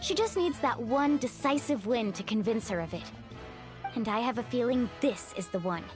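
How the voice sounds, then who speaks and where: A woman's voice: a little high, expressive, normal speed, lightly acted. A woman voicing a confident, encouraging young woman warrior in a video game. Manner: encouraging, breezy. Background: game music.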